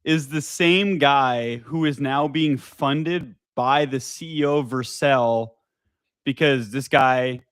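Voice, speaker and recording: Slow-talking laid-back male podcast host. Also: mid-range voice, clear, resonant tone, no echo, clean studio sound. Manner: laid-back, drawn-out storytelling with swearing. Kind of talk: casual chat.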